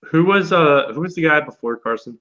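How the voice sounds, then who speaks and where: A man co-hosting a casual comic book podcast, talking in a relaxed, rambling way with lots of fillers. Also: fairly high pitch, a little fast, lo-fi sound. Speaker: podcast co-host.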